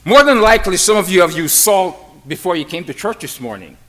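A man preaching a sermon to a congregation, slow and emphatic, with dramatic pauses between phrases. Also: high-pitched, lively intonation, a bit bright.

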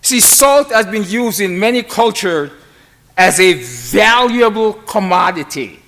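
A man preaching a sermon in a fairly high, very animated voice. He takes his time, leaning on single words and letting pauses hang between short phrases. The delivery is emphatic and deliberate.

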